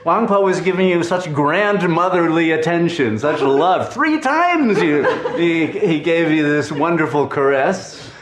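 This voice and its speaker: A man's voice: a little high, lively intonation, measured pace, few pauses, crowd noise, pitched above the performer's own voice. Man playing a laughing old Zen master who barks at a student, heard in an echoey room. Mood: amused scolding. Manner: scolding yet amused, exclamatory.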